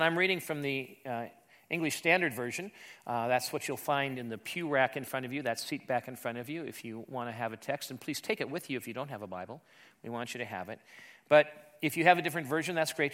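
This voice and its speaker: A man preaching a sermon in a church, speaking in an animated, conversational way with emphatic rises. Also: mid-range voice. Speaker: pastor. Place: church sanctuary.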